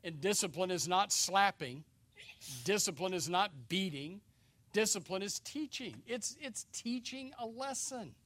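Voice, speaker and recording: A man preaching a sermon, swinging from hushed low asides to loud, drawn-out exhortations. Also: expressive. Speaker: pastor.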